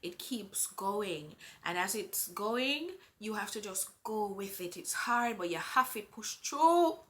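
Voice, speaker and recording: Slow, earnest Jamaican woman vlogger. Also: medium pitch, bright, forceful tone. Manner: earnest, faith-filled, unhurried. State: pregnant. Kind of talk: heartfelt personal vlog talk.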